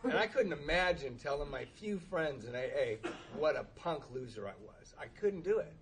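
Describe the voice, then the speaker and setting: A man's voice: on the high side, expressive, moderate pace, slight background noise, low-quality recording. A man in recovery telling a humorous personal story, self-deprecating and laughing through it. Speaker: recovering alcoholic sharing his story.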